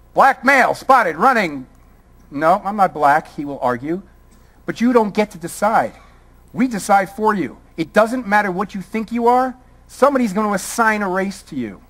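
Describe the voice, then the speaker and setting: Animated, high-voiced male lecturer. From Brooklyn, New York. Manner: asks the audience a string of rhetorical questions. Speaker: college lecturer. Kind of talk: public lecture.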